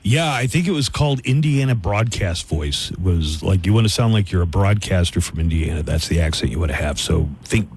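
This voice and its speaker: A man's voice: deep voice, lively intonation, brisk, hardly any pauses, darkish tone. A male radio host in casual chat who talks with many fillers and laughs easily.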